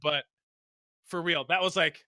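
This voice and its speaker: A man chatting on a gaming podcast, excitable and stammering as he restarts his thoughts. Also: on the high side, measured pace, no echo, studio quality. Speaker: podcast co-host and player. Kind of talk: casual podcast chat.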